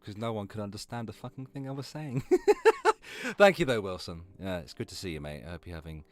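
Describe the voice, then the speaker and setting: A man from West London with a flattened London accent, hosting a live stream and reacting to clips in a sarcastic, sweary way. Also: lowish voice, fairly quick, dry recording. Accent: London English, flattened. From West London, England. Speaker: streamer host. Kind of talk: casual live-stream commentary.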